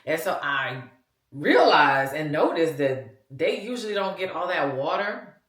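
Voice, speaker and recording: A woman's voice: low-pitched, big pitch swings, measured pace, a bit bright, roomy sound. A woman in her forties with a Louisiana accent, chatting casually to her viewers in a vlog and calling them "y'all". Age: 40s. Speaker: vlogger.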